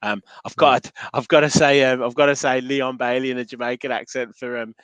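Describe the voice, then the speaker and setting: A man's voice: medium pitch, a little fast, clear, resonant tone, dry recording, muffled recording. Casual man, dry podcast mic. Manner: animated, restarts phrases, reads out viewer comments. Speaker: podcast co-host. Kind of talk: casual football podcast chat.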